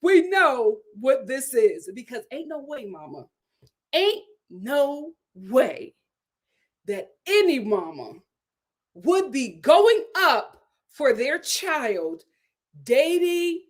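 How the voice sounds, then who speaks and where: A woman giving sassy, animated commentary on a reality show, laughing at her own jokes. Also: sits high. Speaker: reality TV reviewer. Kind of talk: casual commentary.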